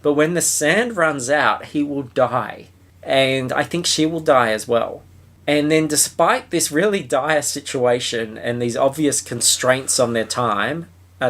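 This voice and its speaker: A man's voice: medium pitch, measured pace, fairly bright tone. A man hosting a podcast, recapping a novel in casual chat with sarcastic, mocking asides. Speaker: podcast host. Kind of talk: casual book-review chat.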